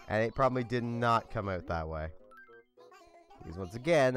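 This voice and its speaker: A man's voice: medium pitch, slow, pauses often. Dry-talking man narrating a game. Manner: self-described monotone, dry musing. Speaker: let's play host. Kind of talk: casual gameplay commentary. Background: faint game music.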